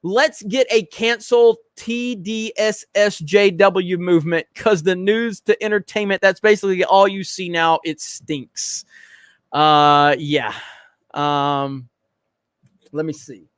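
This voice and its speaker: A man's voice: sits high, fairly even intonation, slow pace, fairly bright tone, clear, resonant tone, no echo. A man hosting a livestream, reading chat in a blunt, profane, joking way. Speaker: livestream host.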